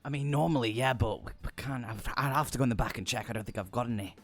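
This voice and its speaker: A man voicing a bored male bartender who answers flatly and reluctantly. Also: mid-range voice, fast, soft background music, natural voice. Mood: grudging. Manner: flat, reluctant.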